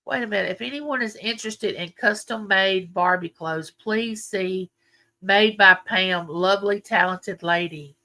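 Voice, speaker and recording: An older woman with a drawl hosts a casual live chat, her folksy talk drifting between memories and viewers' comments. Her voice is bright and clear, pitched in a middle range. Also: normal speed, hardly any pauses. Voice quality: chatty, folksy, reminiscing. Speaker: livestream host.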